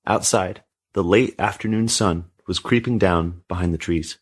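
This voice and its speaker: A man narrating a story in a steady, measured reading voice. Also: low-pitched, breathy edge.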